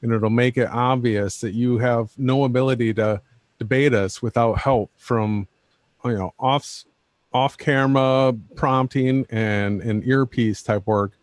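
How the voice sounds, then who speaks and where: A man's voice: mid-range voice, fairly even intonation, measured pace, no room sound. A man on a livestream talks bluntly and combatively, often circling back to the same point. His voice sits mid-range and sounds close and dry, with no room around it. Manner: combative, blunt, repeats himself. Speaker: co-host. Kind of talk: casual livestream talk.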